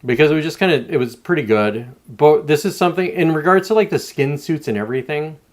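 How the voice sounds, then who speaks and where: A man's voice: a little high, lively intonation, quick pace. A man hosting his own show from home, rambling through casual commentary with plenty of swearing and restarts. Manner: rambling, profane, self-interrupting. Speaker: show host. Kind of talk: casual political commentary monologue.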